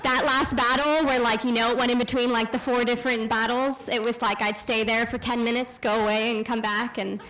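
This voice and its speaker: A woman's voice: fairly high pitch, flat delivery, a little fast, hardly any pauses, fairly bright tone, rough recording. A woman in her twenties asking a panel guest a question, nervous and giggly, hesitating as she speaks.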